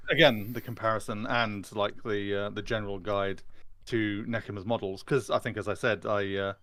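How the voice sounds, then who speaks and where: A man's voice: lowish voice, steady tone, normal speed, a bit bright. A man as a guest in a casual gaming chat, rambling and stumbling over repeated words. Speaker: guest player.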